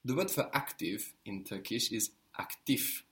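A man's voice: lowish voice, expressive, a little slow, fairly bright tone. A man teaching a language lesson, patiently modeling words and encouraging the learner.

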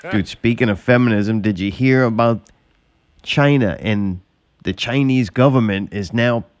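A man's voice: lowish voice, measured pace, no room sound. Dry-sounding man in casual banter. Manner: laughing, loose delivery. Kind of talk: casual comedy chat.

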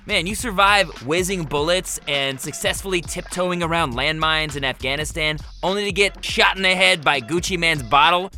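Podcast host guy, bright sharp voice, sarcastic joking news riff, bounces around a lot. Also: high-pitched. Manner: sarcastic, jokey delivery. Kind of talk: comedic news rundown and interview.

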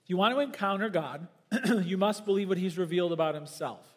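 A man preaching a sermon as pastor, with emphatic swings from loud and high to soft and low. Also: a little fast, in a large hall. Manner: emphatic preaching with big swings in pitch and volume.

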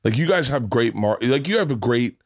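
A man from Florida hosting a casual comedy podcast, telling stories in an excitable, profane way. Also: medium pitch, a little fast. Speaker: podcast host.

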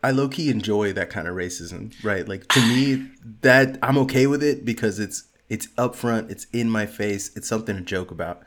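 A man's voice: lowish voice, normal speed, few pauses, a bit bright. A man in casual podcast chat, joking and swearing in a laid-back way.

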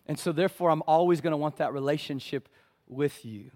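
Male pastor, high voice, dynamic sermon delivery with congregation call-outs. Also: normal speed. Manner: preaching with big swings from loud pleading to hushed; calls for "amen" from the congregation.

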